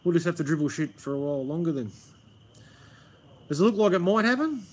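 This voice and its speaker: A man's voice: fairly high pitch, lively intonation, a little fast, husky. An Australian man hosting a live stream, rambling casually, swearing and saying "man" a lot, outdoors under a pergola. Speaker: livestream host.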